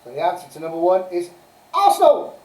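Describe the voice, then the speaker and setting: A woman hosting a homespun online quiz night, chatting away and giggling between answers. Her voice is mellow and sits in an echoey room, picked up from a distance by the mic. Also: medium pitch, expressive, unhurried. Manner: chatty, giggly, reads answers and scores aloud. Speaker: quiz host. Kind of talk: casual live-stream pub quiz. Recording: roomy sound from a distant mic.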